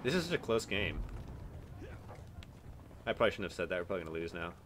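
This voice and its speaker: A young man from Texas giving live commentary on a shooter game, excitable, swearing and yelling at enemies. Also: low voice, fast talker, background noise. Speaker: gaming streamer.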